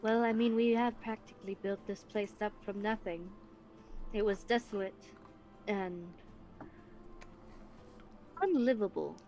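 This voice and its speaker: A woman's voice: mid-range voice, steady tone, moderate pace, a little mellow, slight background noise. Woman player calling her character's moves. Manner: matter-of-fact, declaring character actions. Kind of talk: casual tabletop game chat.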